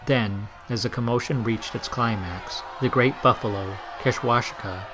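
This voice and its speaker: A man narrating a historical novel in a measured, steady audiobook reading. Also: mid-range voice, noisy background.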